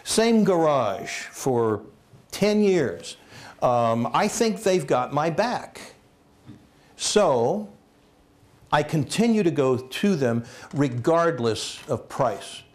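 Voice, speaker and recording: A man giving a comic storytelling talk as guest speaker at a college, animated and jokey, acting out voices. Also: a little high, drawn-out words. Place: lecture hall at a college.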